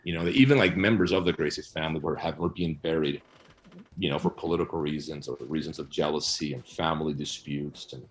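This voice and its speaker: Answering questions about his book, this man is blunt and combative, regularly tacking "right?" or "you know" onto his points. His voice is extremely low-pitched and fairly quick, with slight background noise.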